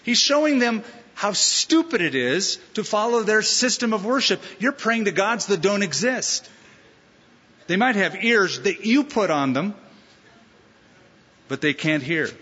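A man preaching a sermon as a pastor, animated, with mocking asides and acted quotes. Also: high voice, a little slow, long pauses, breathy edge. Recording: long-reverb hall, dull lo-fi sound.

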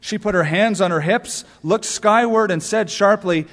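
A man's voice: high voice, moderate pace, a bit bright. Preaching man in a reverberant space. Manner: storytelling preacher, rhetorical questions, emphatic punch lines. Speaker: pastor. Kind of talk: sermon.

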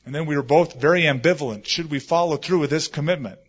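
A middle-aged man preaching a sermon, telling stories and swinging between loud stresses and hushed asides. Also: on the high side, quick pace, breathy edge. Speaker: pastor. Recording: dull lo-fi sermon recording.

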